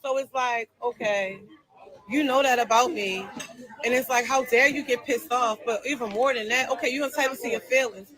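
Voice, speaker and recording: A woman's voice: on the high side, moderate pace, fairly bright tone, rough recording. A woman venting on a livestream, telling her side of a falling-out in an emphatic, repetitive and heated way.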